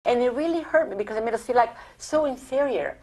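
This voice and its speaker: A woman's voice: a little high, fast talker. Older Italian-accented woman retelling stories. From Italy. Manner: animated storytelling with many restarts. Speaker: interviewee. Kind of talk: oral history interview.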